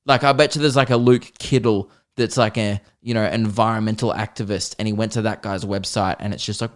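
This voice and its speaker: Brief: young Australian man, solo comedy podcast host, worked-up exasperated rant, mid-pitched voice. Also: normal speed. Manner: animated, exasperated ranting with swearing.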